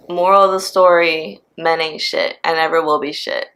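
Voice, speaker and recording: A woman in her twenties telling a storytime vlog, in a casual, profane and animated way. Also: deep voice, normal speed, hardly any pauses. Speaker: vlogger.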